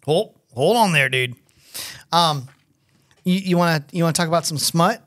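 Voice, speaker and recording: Brief: middle-aged male podcast host, slightly high voice, crude and animated storyteller, casual chat. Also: normal speed. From United States.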